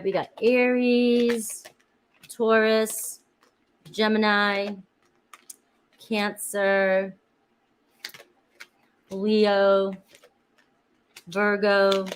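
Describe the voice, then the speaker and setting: On a low-quality recording, a medium-pitched woman from Florida gives a tarot reading while chatting with viewers. She names each sign in turn and says hello to people by name.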